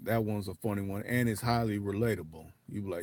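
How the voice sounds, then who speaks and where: Speaking quickly with hardly any pauses, a livestream host with an African American English accent uses a low, slightly mellow voice. He chats casually and profanely, often starting over mid-thought.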